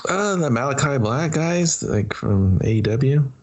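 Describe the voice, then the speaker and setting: A man's voice: mid-range voice, expressive, a little slow. A man co-hosting a movie review podcast, talking in a loose, rambling, laid-back way. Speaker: podcast co-host. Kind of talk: casual movie review chat.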